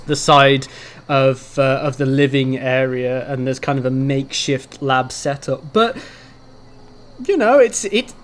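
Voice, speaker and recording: A man's voice: mid-range voice, unhurried. A man running a tabletop fantasy game as its narrator, wandering through his descriptions with plenty of ums and restarts. He talks over an online voice call, with a faint hiss of noise underneath. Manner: rambling, many ums and restarts. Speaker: game master.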